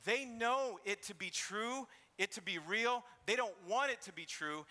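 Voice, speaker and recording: A man's voice: sits high, measured pace, hardly any pauses, sharp tone, in a large hall. A man preaching an expository sermon, reading scripture and sometimes acting out mocking voices. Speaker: pastor.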